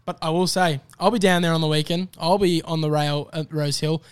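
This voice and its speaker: An Australian man co-hosting a casual racing podcast, confidently rattling off his tips and prices. His voice sits a little higher than most men's and comes through clean and smooth. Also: fairly even intonation, brisk. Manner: upbeat, confident tipster banter. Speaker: podcast co-host tipping races.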